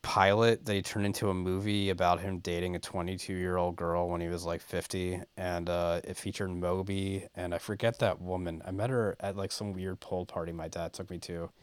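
A man's voice: deep voice, little pitch movement, moderate pace, hardly any pauses, smooth, no room sound. A man chatting casually on a podcast, telling meandering anecdotes and laughing easily. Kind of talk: casual chat.

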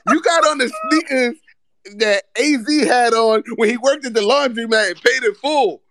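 A man's voice: very high-pitched, moderate pace, a little hiss or hum. Profane New man roasting a friend. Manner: loud, profane, teasing roast with frequent laughter. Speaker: podcast co-host. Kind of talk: casual live-audio chat.

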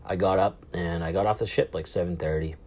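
This deep, steady, somewhat dark male voice moves fairly quickly. Alone in a cruise ship cabin, the podcast host wanders from topic to topic, swears freely, and mocks himself.

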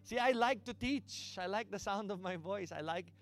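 Filipino pastor guy preaching, kinda high voice, switches to tagalog a lot, soft music under it. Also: moderate pace. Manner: switches between English and Tagalog, emphatic preaching. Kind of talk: sermon.

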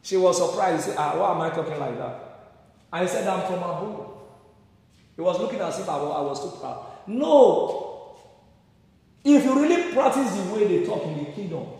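A man with a Nigerian accent preaching a sermon in call-and-response style, rising to loud emphatic peaks. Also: high voice, lively intonation, normal speed, creaky, long pauses. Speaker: pastor. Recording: distant, echoey hall sound.

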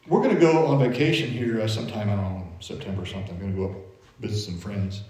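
A man's voice: fairly low pitch, big pitch swings, fast talker, darkish tone, echoey room. A middle-aged man preaching a sermon in a conversational, folksy way, full of everyday stories.

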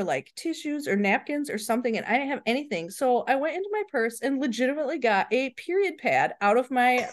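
A woman in her thirties co-hosting a podcast, telling funny parenting stories in an animated way and laughing often. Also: sits high. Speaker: podcast co-host. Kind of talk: casual chat.

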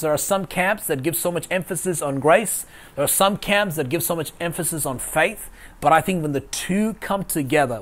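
A man's voice: fairly high pitch, fairly bright tone. A man preaching an online sermon as pastor, emphatic and repeating his key phrases. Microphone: video call.

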